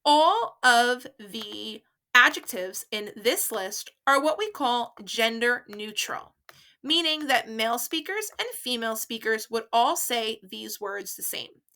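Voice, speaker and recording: A woman teaching a beginner Spanish lesson, explaining patiently and modeling phrases slowly and carefully for learners to repeat. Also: a little high, lively intonation, pushed and bright. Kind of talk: slow, clear language lesson with repeat-after-me drills.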